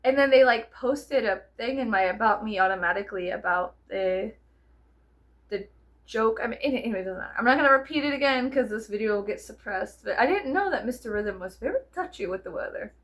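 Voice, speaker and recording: A woman's voice: on the high side, lively intonation, a little fast. A woman, chatting casually to camera in a rambling, giggly, profane way full of fillers. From South Texas. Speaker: vlogger.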